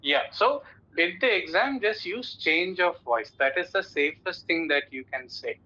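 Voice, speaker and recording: A man's voice: high voice, animated, measured pace, bright, forceful tone. A man teaching a clinical case, instructive and repeating his points firmly. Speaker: oncology teacher. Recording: dull lo-fi sound.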